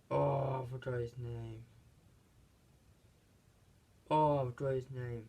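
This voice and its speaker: A man giving a casual, rambling movie recap, halting often and restarting his sentences. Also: mid-range voice, steady tone, vocal fry, warm tone. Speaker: movie reviewer.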